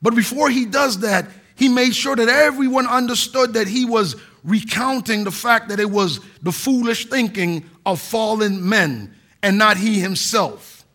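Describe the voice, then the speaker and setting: A man's voice: sits high, a little slow, pushed and bright. A middle-aged man, a pastor, preaching a sermon in an earnest, emphatic way with a few restarts.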